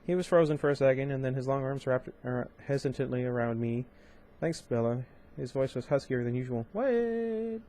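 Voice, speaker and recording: Reading a novel aloud on his channel, a young man speaks quickly with few pauses, his medium-pitched voice steady and dark, against slight background noise. He breaks into relaxed asides with fillers and restarts, making it an amateur reading with commentary.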